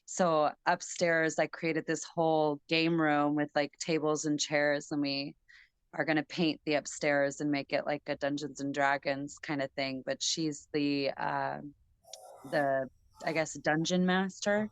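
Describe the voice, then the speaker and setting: A woman chatting on a video call, relaxed and loose with many fillers. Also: sits low, a little slow, clean tone, no echo. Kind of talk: casual video call chat.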